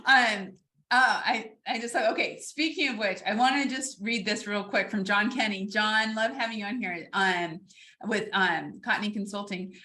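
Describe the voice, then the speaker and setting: A woman hosting a video-call panel, enthusiastic and quick to laugh. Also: mid-range voice, bright, forceful tone. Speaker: host. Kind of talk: casual panel chat.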